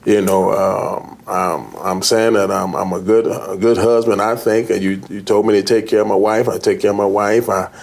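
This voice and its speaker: A man, a pastor, telling in an interview how he came out of a coma, halting and repeating words earnestly. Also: fairly low pitch, steady tone, creaky, a little mellow. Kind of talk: interview guest recounting illness. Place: TV studio.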